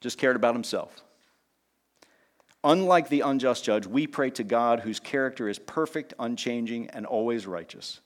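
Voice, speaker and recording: Animated male preacher teaching scripture. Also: a little slow, long pauses. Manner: lively teaching tone, pitch rising on key points and dropping low on asides; conversational, with small jokes and filler "uh"s. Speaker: pastor. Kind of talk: sermon.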